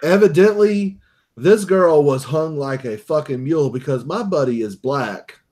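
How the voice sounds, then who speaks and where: A man's voice: fairly high pitch, measured pace, darkish tone. A man on a podcast telling a crude, joking story with plenty of profanity, acting out what his friends said. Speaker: podcast co-host. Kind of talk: casual storytelling chat.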